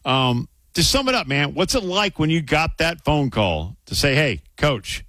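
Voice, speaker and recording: A man's voice: fairly high pitch, big pitch swings, normal speed, a bit bright, no room sound. A man hosting a sports radio show, interviewing a guest in a friendly, chatty way.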